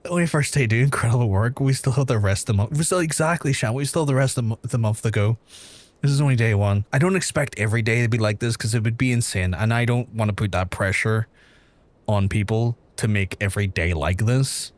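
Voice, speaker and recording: A man streaming live in casual chat, excitable and profane, stumbling over repeated words. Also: mid-range voice, fast talker, no room sound. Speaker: livestreamer. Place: indoors at home.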